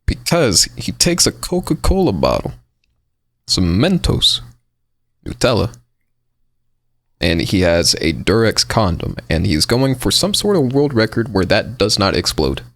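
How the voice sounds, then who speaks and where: A man on a podcast, rambling through a story in casual banter. His voice sits a little low and swings widely in pitch, and the sound is close and dry. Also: very animated, unhurried, no echo. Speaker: podcast co-host.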